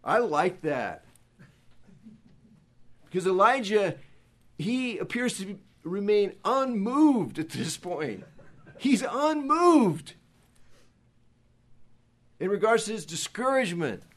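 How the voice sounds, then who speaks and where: A pastor preaching a sermon, who moves between hushed, quiet passages and loud, emphatic ones. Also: male voice, high voice, sing-song, slow pace, pauses often.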